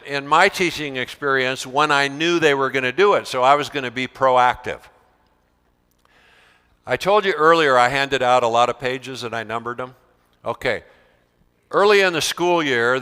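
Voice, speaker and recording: A man tells classroom stories to an audience of teachers with a bright, forceful voice that rings clear and smooth. His delivery is animated, and he slips into whiny student impressions now and then. The sound carries a long reverb, as if he were speaking in a hall. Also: mid-range voice. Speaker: teacher giving a talk to teachers. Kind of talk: storytelling talk with acted-out student voices.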